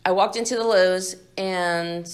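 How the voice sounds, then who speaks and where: A woman's voice: on the low side, steady tone, unhurried. A young woman candidly telling her own recovery story to a group, blunt and profane and laughing often. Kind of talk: candid personal testimony to a group.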